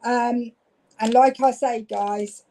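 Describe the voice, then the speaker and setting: A woman's voice: on the high side, takes it slowly, poor audio. A woman from Devon, giving chatty live psychic card readings and talking to viewers. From Devon, England. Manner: chatty, warm-hearted, gets louder when excited.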